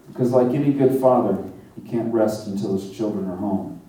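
A man's voice: lowish voice, moderate pace, warm tone. Preacher man echoing through a big room. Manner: conversational, asks the crowd questions, acts out short quotes. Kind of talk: sermon. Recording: roomy echo, voice from a distance.

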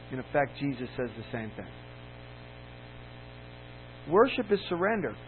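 A man preaching a sermon as a campus minister, candid and storytelling, building to emphatic peaks. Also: a little high. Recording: tinny lo-fi sound with faint mains hum.

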